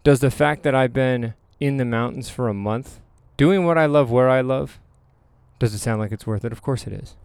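Emphatic man telling stories, smooth voice. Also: mid-range voice, no room sound. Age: late 20s to 30s. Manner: emphatic, animated storytelling with dramatic pauses. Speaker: photographer and hypnotherapist. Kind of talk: motivational storytelling monologue.

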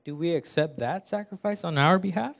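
A man's voice: on the high side, brisk, gravelly, fairly bright tone. Earnest young man preaching. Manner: earnest, conversational preaching with audience asides. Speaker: preaching student. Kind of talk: sermon. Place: church hall.

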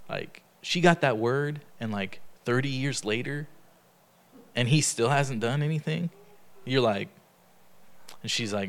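A man leading a casual Bible study, talking in a chatty way, laughing often and retelling stories in lively quoted dialogue. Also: medium pitch, measured pace, pauses often.

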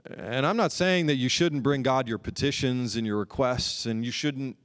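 A man preaching a sermon in an earnest way, slowing down and drawing out key phrases for emphasis. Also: medium pitch. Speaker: pastor.

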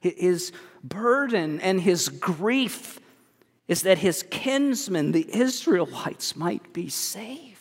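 Male pastor, high voice, earnest sermon delivery with frequent restarts, church hall reverb. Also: lively intonation. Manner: earnest, halting with many repeated words.

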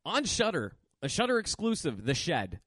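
A man hosting a casual horror movie podcast, talking in a profane, animated rant. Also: on the high side, normal speed, dry recording, studio quality. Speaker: podcast host.

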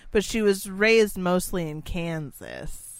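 A woman's voice: fairly low pitch, big pitch swings, slow pace, dry recording. A woman in casual chat, talking bluntly and profanely about a friend.

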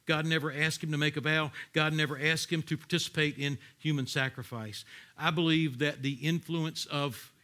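Guy preaching a sunday sermon, bright forceful voice, gets real animated. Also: normal speed. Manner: animated preaching, acting out voices with sudden high loud outbursts. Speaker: pastor.

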